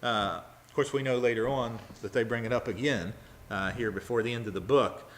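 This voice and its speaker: Halting, conversational male Bible teacher. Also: mid-range voice. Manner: halting, many fillers and restarts; acts out quoted lines with a raised, louder voice. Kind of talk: conversational Bible study sermon.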